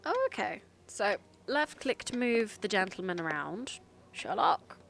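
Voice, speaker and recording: A woman with a Black Country accent, chatting casually as she plays a game on stream and thinks out loud. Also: medium pitch, very animated, measured pace, gravelly, slight background noise. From England. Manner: chatty, thinking aloud with fillers. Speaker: gaming streamer. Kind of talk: casual gameplay commentary.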